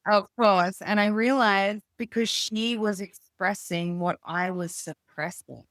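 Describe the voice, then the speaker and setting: A woman in her thirties, a podcast guest speaking casually and reflectively, thinking aloud with pauses. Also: medium pitch, a bit bright, dry recording, clean studio sound. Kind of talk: casual conversation.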